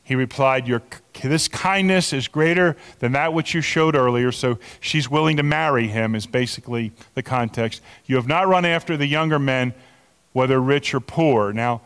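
A man in his sixties, a pastor preaching a sermon, animated and chatty, telling stories with many restarts and asides. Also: medium pitch, in a large hall. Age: 60s.

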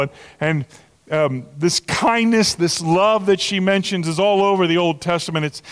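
Older male pastor in his 60s, kinda high voice for a guy, animated rambly sermon, lots of echo. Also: smooth. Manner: animated, storytelling with asides and restarts.

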